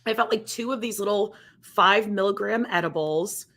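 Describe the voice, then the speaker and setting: A woman co-hosting a podcast, telling stories in a relaxed, self-deprecating way. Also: mid-range voice, moderate pace. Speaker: podcast co-host. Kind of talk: casual chat.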